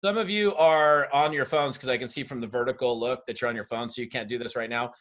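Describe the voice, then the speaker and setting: On a video call, a man coaches a group of network marketers, speaking straight to them in a direct, energetic way. His voice sits in the mid range and he talks fast.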